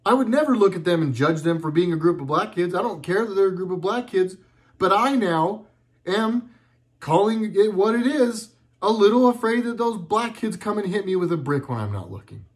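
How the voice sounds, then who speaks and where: A man's voice: sits high, lively intonation, normal speed. A middle-aged man talking at home in a casual monologue, earnest and rambling, often stopping and restarting his sentences. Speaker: video blogger.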